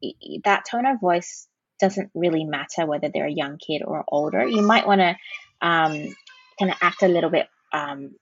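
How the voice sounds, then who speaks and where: Husky-voiced woman counsellor, lo-fi. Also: lowish voice, moderate pace, no echo. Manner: explains with demonstrated soothing phrases. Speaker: parenting counsellor guest. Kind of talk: conversational podcast interview.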